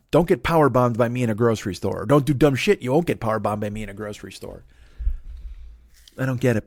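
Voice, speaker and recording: A man's voice: medium pitch, a little mellow, dry recording, clean studio sound. A man in his forties telling a stand-up story, ranting with heavy profanity and acting out imagined confrontations. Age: 40s. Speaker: comedian.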